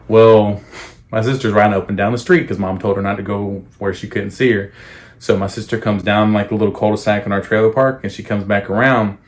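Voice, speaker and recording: A young man co-hosting a podcast, telling childhood stories in casual chat, swearing freely and laughing often. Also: fairly low pitch. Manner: profane, joking, laughs often. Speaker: podcast co-host.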